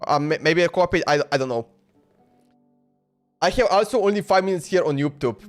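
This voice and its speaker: A talkative male streamer on a live stream, chatting loosely with his viewers in broken English. His voice is high for a man, and he laughs often. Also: lively intonation, fairly quick, faint music behind. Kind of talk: casual live-stream chat.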